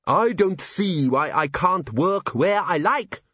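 Whining male vampire, slow and aggrieved, voiced by a male reader; dry, dull sound. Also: high-pitched, expressive, bright, forceful tone, husky, dry recording, voice pushed up, heavily acted.

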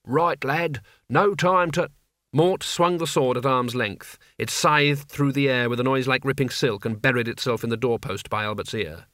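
Brief: man, mid-pitched voice, steady novel narration, dry booth. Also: normal speed, few pauses, no room sound. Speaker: audiobook narrator. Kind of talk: scripted narration.

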